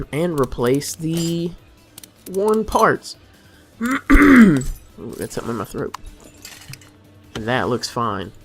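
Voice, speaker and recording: A man talks through a game session with wry exasperation, half muttering to himself. His pitch swings widely, and faint music plays behind him. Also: sing-song, very slow, gravelly, long pauses. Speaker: gameplay commentator. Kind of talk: let's play commentary.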